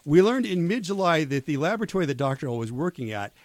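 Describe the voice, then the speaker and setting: A man's voice: fairly high pitch, very animated, quick pace, no room sound. Middle-aged guy hosting college radio, rambles and restarts a lot, dry studio mic. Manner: rambling storyteller, many restarts. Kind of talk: casual on-air chat. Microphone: studio microphone.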